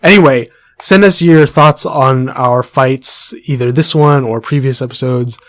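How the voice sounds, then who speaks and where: A man's voice: medium pitch, measured pace, dry recording, studio quality. A young man co-hosting a casual podcast, teasing his co-host and steering the segments. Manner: playful, teasing, runs the segment.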